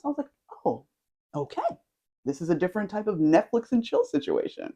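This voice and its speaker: A woman hosting a casual chat, telling stories in an animated way with lots of fillers. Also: medium pitch, fast, slightly rough. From United States. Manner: animated storytelling with frequent fillers. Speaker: host.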